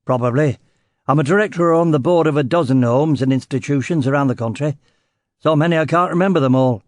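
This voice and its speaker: A man's voice: on the high side, fairly quick, darkish tone, no room sound, clean studio sound, close to an everyday voice. A man voicing an aging male celebrity DJ with a weird DJ voice and faint Yorkshire traces, self-important and snappish. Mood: testy. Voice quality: distinctive weird DJ voice.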